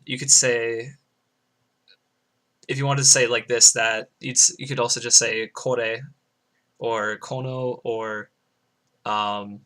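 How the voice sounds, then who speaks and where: A man's voice: medium pitch, bright, forceful tone. Rambling young man, casual commentary. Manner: rambling and loose, lots of "like", swears freely; explaining Japanese words like a student. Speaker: speedrunner. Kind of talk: casual commentary over a game run.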